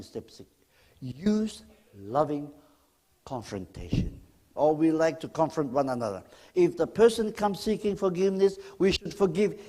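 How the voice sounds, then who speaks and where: A man preaching in church with a lively, animated voice pitched a little high. He swings from loud emphatic lines down to near-whispers and keeps asking the congregation questions. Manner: speaks directly to the congregation with questions. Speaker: guest pastor. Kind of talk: sermon.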